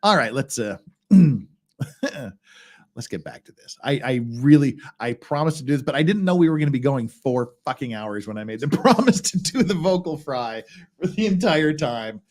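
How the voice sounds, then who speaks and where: A man's voice: mid-range voice, lively intonation, normal speed, darkish tone. A man hosting a casual legal commentary stream, sarcastic and mocking, laughing often, with a slightly thick tongue.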